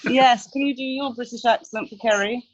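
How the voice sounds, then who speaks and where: Casting: woman, friendly, slightly higher voice, casual chat over a video call. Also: fairly even intonation, moderate pace, highs cut off. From Australia.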